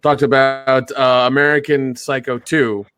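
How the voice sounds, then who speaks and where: A man chatting as a podcast guest, halting and often repeating his words. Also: medium pitch, level tone, a bit bright. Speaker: guest, fellow channel creator. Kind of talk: casual chat.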